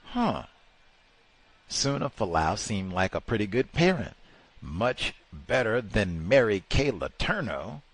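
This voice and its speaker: Talk host, male, low voice with wide swings, rambling exasperated storyteller. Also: very animated, slow. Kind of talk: casual anecdote telling.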